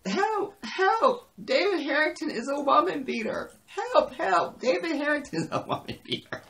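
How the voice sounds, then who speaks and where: A man voicing a scheming woman who shrieks for help in a high falsetto, pretending to be a victim. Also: big pitch swings, moderate pace, fairly bright tone, slight background noise, full character voice. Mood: mock shrieking.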